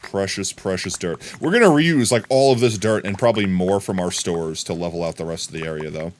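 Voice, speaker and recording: A man's voice: deep voice, brisk, slight background noise. A man live-streaming a game, chatting casually and goofily riffing on silly words as he plays.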